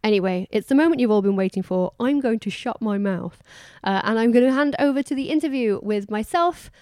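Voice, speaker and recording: A young British woman hosting a beauty podcast, chatting in a lively, rambling way with plenty of asides. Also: fairly high pitch, a little fast, clean tone, no room sound, studio quality. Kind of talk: casual chat.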